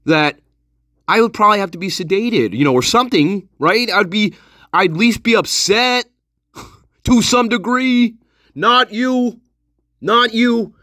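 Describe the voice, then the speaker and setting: Sarcastic male commentator swearing and laughing, a fairly high voice that jumps all over, recorded close and dry with no room sound, casual profane commentary. He talks straight into the mic and keeps up a mocking, animated tone. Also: dry recording. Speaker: true-crime commentator.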